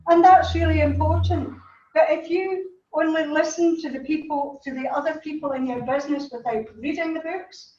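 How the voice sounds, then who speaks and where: A woman's voice: high-pitched, fairly even intonation, moderate pace, darkish tone, highs cut off. A woman giving an upbeat motivational speech to her business team, with some jokes. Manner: upbeat, rallying, joking. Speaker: award recipient speaker. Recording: echoey room, distant mic, faint noise.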